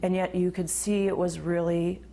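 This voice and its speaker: A woman's voice: fairly low pitch, little pitch movement, normal speed, gravelly, warm tone, slight background noise. A middle-aged grandmother in a news interview, speaking with grief and emotion. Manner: grieving, emotional.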